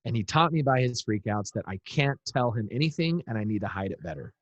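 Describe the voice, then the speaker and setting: A man's voice: medium pitch, animated, fast talker, dry recording, highs cut off. A man in his thirties, a guest speaking to parents in an interview, talking with energy and acting out what kids say. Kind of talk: animated interview talk.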